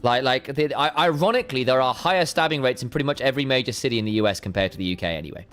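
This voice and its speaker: A man's voice: medium pitch, rapid-fire, a bit bright, soft background music. A man, a co-caster on a live stream, chatting casually to his viewers in a rambling way and often stopping mid-sentence to repeat words. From United Kingdom. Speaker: esports co-caster.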